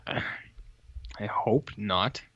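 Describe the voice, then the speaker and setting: A man co-hosting a podcast, chatting casually and rambling through deadpan stories. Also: lowish voice, extremely slow, dull audio, a little hiss or hum. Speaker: podcast co-host. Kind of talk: casual chat.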